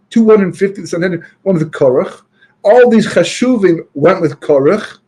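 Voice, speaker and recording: Husky, higher-voiced man telling a story. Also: lively intonation, moderate pace. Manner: chatty, frequent "you know" and restarts, peppered with Yiddish and Hebrew terms; grows loud and emphatic when arguing a point. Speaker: Torah speaker. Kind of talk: storytelling talk.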